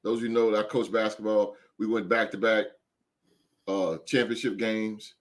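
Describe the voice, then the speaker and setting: A man hosting a sports podcast and coaching youth basketball, talking loudly and emphatically with plenty of swearing. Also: on the low side, moderate pace. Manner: loud, swearing, animated and emphatic. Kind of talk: casual sports podcast chat.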